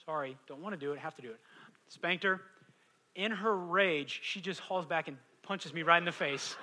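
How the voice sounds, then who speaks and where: Male pastor, 30s, bright, slightly high voice, animated sermon delivery, loud questions and hushed asides. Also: moderate pace, low-quality recording. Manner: animated, swings from loud emphatic questions to hushed quiet lines.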